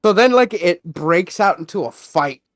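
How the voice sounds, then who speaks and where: A man's voice: sits high, expressive, moderate pace, no room sound, studio quality. A man co-hosting a podcast, casually retelling a movie plot, laughing often and acting out the characters' lines. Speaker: podcast co-host.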